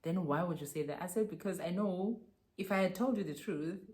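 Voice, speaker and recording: A young South African woman with a South African accent, telling a casual story in a lively, animated way and laughing often. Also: lowish voice, fairly quick. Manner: animated, mixes English and Xhosa slang, laughs often. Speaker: vlogger.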